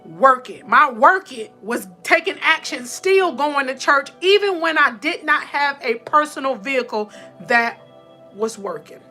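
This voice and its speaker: A woman's voice: high voice, expressive, unhurried, bright, forceful tone, soft background music. A woman hosting a faith-based motivational livestream, telling a personal testimony, calling her viewers y'all, emotional and close to tears. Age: adult with four sons.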